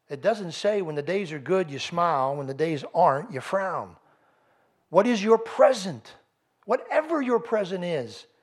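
A man preaching a sermon as pastor, firing rhetorical questions and building in intensity. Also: fairly high pitch. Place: church.

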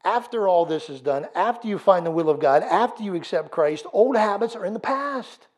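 A man's voice: high voice, expressive, normal speed, a little mellow. A man preaching a sermon as pastor, firing rhetorical questions and building in intensity. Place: church.

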